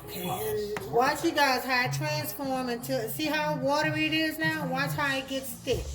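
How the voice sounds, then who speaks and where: Speaking at normal speed with a high, fairly even voice, a cooking vlogger from Texas talks through a home cooking demo in her kitchen. The recording is rough, and her manner is chatty and homey, with words repeated as she explains things.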